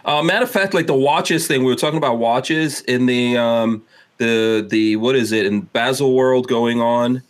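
A man's voice: mid-range voice, moderate pace. A man chatting casually on a podcast, blunt and joking with crude asides.

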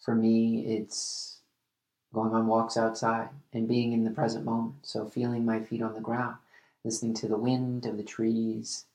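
A man hosting a solo podcast, talking earnestly and reflectively, often halting and restarting his sentences. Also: on the low side, monotone, a little mellow, roomy sound. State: emotional at times. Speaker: podcast host.

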